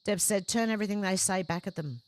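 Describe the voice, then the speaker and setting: A woman's voice: medium pitch, fast, darkish tone. A woman hosting a livestream, reading out viewers' chat comments one after another and adding short conversational reactions of her own. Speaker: livestream host.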